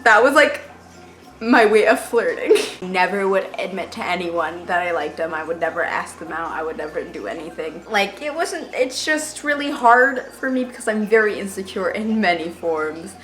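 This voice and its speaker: A teenage girl vlogger tells stories to the camera, rambling casually with lots of "like" fillers and self-deprecating asides. Her voice is lowish, expressive and a bit bright, moving at a moderate pace with few pauses while faint music plays behind her.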